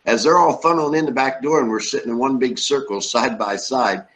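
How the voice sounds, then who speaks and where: A man's voice: mid-range voice, a little fast, fairly bright tone, poor audio. Man telling an upbeat rambling story. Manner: rambling, upbeat, loose run-on sentences. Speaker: lay leader of a home church group. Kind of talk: casual storytelling to a group.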